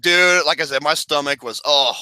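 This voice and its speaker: A man's voice: fairly high pitch, moderate pace, sharp tone, smooth, no room sound, studio quality. A man co-hosting a casual chat, joking crudely about his own faces in photos and laughing a lot. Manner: crude, self-mocking, laughing. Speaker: podcast co-host. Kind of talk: casual banter reacting to photos.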